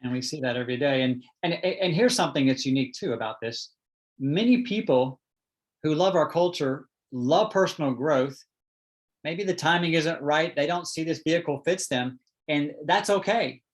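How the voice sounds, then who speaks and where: Interviewer guy, kinda high voice, keeps agreeing and tacking on "isn't it?". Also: moderate pace. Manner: agreeable, affirming, ends in tag questions. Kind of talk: interview chat.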